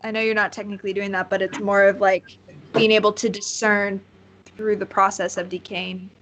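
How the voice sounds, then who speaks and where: A woman's voice: medium pitch, flat delivery, normal speed, a bit bright, a little hiss or hum. A woman narrating as game master of a tabletop game, rambling and searching for words with many fillers.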